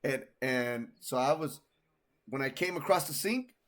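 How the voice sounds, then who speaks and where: A man chatting casually on a podcast, loud and joking, swearing as he tells stories. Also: mid-range voice, animated, unhurried. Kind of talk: casual chat, storytelling.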